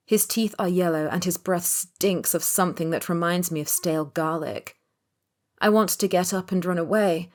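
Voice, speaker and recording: A woman narrating a romance audiobook in the first person, tense and wry. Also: lowish voice.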